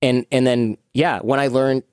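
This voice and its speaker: A man's voice: medium pitch, clear, resonant tone, dry recording. Dry-voiced American storyteller man. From United States. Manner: lively storyteller, quick asides. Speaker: podcast guest. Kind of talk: storytelling interview.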